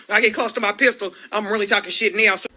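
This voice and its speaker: A woman with an American accent telling a story on a live stream, excitable and profane, often shouting and laughing. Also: mid-range voice, fast.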